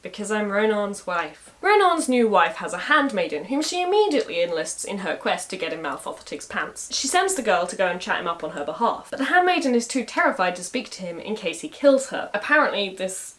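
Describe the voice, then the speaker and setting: A woman casually retells an old saga, dropping wry, sarcastic asides as she goes. Her voice sits at a middling pitch. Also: big pitch swings, fairly quick, few pauses, a bit bright. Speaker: storyteller.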